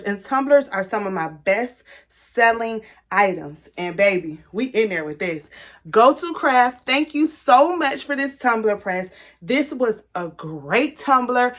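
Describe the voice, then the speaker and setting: Slow-talking excited woman crafter. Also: on the high side. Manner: chatty, addresses viewers as y'all; excitable, gushing. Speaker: crafting channel host. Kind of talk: casual product demo vlog.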